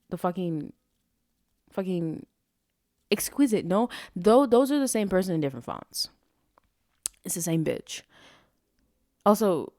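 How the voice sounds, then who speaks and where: A young woman talks solo on her podcast in a rambling, swear-filled way, constantly losing her thread. Her voice sits a little low but swings widely and expressively. The sound is dry and close, with no room around it. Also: no room sound. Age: young adult. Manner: rambling, profane, easily sidetracked. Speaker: podcast host. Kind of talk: casual solo podcast chat. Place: at home, street traffic nearby.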